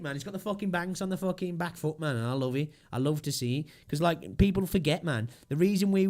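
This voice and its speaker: A young male streamer, his voice on the high side and his throat slightly sore, rants casually on a livestream, cursing nonstop and rambling with plenty of fillers.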